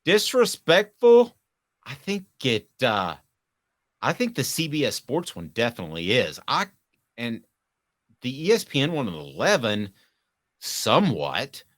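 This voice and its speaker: A man's voice: medium pitch, unhurried, long pauses, no room sound, studio quality. A man hosting a casual sports talk podcast, asking questions and giving his takes. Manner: lively, reads a sponsor spot.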